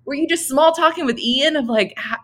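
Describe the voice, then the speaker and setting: A woman hosts a casual interview in a fairly high voice. She is bubbly and giggly, and her questions wander before she lands on them. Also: a little fast, a bit bright. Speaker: interviewer, host.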